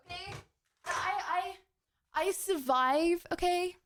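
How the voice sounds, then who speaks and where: Bubbly high-voiced breathless woman streamer. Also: normal speed. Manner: bubbly, excitable, joking with chat. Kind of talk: casual live-stream chat. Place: home kitchen. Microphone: streaming mic, wearing headphones.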